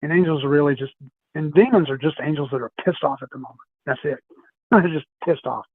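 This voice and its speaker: A man's voice: on the high side, brisk, breathy edge, dry recording. A man telling long paranormal stories as a podcast guest, rambling, repeating himself and laughing often. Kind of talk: casual storytelling chat. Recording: tinny phone-like line.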